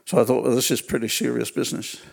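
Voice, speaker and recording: A man preaching a sermon at a church gathering, telling personal stories in an unhurried way and repeating phrases for weight. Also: mid-range voice, vocal fry, darkish tone. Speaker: pastor.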